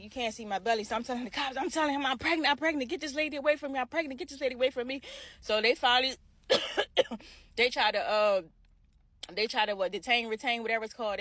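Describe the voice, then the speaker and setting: A woman's voice: medium pitch, no room sound. A woman vlogger telling a dramatic story in a casual storytime style, acting out heated quotes and talking straight to her viewers. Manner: dramatic retelling with shouted quotes, addresses viewers directly.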